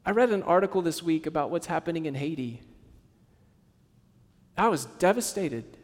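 High-voiced man preaching in a hall. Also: moderate pace. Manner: expressive preaching, acts out quotes, drops to a soft hush on sad points. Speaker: pastor. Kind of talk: sermon.

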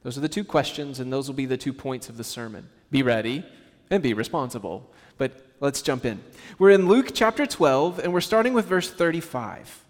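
Animated preaching man, church reverb. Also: medium pitch, normal speed. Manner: animated, conversational preaching with acted-out quotes. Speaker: pastor. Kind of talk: sermon. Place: church sanctuary. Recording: church hall with long reverb.

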